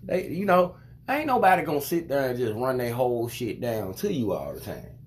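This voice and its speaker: A father telling a frustrating story to camera, venting in a loose, profane, animated way. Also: mid-range voice, moderate pace. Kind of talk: casual storytelling monologue.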